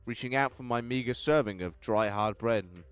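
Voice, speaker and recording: A man reading a text game aloud with wry commentary, swinging between deadpan narration and outbursts. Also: mid-range voice, normal speed, clear, resonant tone, soft background music. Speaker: game streamer.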